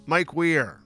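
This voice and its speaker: A man hosting a sports talk show, telling stories in a lively, casual way. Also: fairly high pitch. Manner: animated storytelling with laughs.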